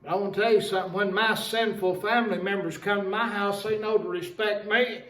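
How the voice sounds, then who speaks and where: A man's voice: high-pitched, steady tone, a little fast, fairly bright tone. A man preaching a fervent sermon as pastor, quoting scripture figures with folksy asides. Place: church sanctuary. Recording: echoey church hall, distant mic.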